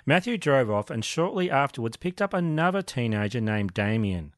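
A man's voice: mid-range voice, big pitch swings, normal speed, no echo, clean studio sound. A man co-hosting a true crime podcast, telling the story steadily with light jokes. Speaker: podcast co-host.

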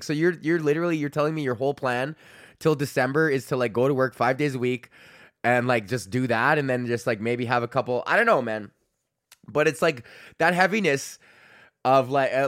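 A man's voice: mid-range voice, a bit bright, no room sound, studio quality. A man hosting a podcast from home, ranting casually, swearing a lot and laughing at himself. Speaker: podcast host.

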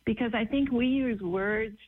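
A woman's voice: fairly high pitch, unhurried, slightly rough. A woman calling in with a question, hesitant and searching for words. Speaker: caller. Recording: phone-line caller with hum.

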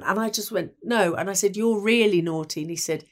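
A woman's voice: fairly low pitch, fairly quick, few pauses. A woman from England, a broadcaster, reminiscing in conversation and acting out the voices of people she quotes. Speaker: broadcaster and guest.

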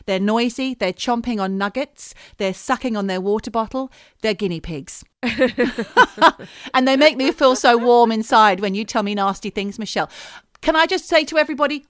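A woman of middling pitch hosting a comedy podcast from her home studio. She chats in a wry, self-mocking way, dryly recorded close to the mic. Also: clear, resonant tone, no room sound. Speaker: podcast host. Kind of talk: casual comedic chat.

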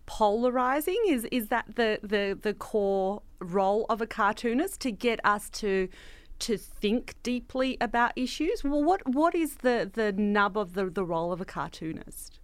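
A woman's voice: mid-range voice, lively intonation, unhurried, no echo. A woman interviewer asking long, winding questions with many "you know" fillers.

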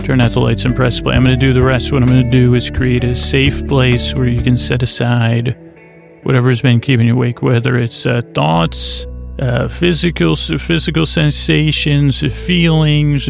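Man with a creaky, meandering voice. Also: medium pitch, little pitch movement, faint music behind. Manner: meandering, self-deprecating, drawn-out yammering with many fillers. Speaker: podcast host. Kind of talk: rambling bedtime talk.

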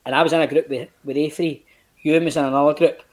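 Guesting on a podcast, this late-thirties Glaswegian actor spins a story in relaxed chat, swearing and acting out quoted lines with dramatic pitch leaps. He's a fast talker.

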